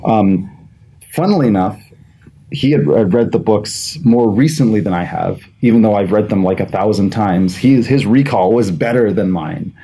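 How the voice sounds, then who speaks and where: A game designer talks through his approach on a live panel, his low voice mellow and relaxed. He rambles, stacking fillers and restarting sentences as he thinks aloud. Faint room noise sits under him. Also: moderate pace, rough recording. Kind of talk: casual panel talk.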